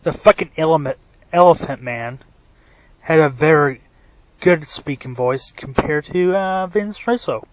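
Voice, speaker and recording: A man's voice: a little high, unhurried, no echo, muffled recording. A man ranting in a rambling, profane monologue, full of fillers and restarts, who says his own voice is bad. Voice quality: self-described bad voice. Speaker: wrestling commentary vlogger.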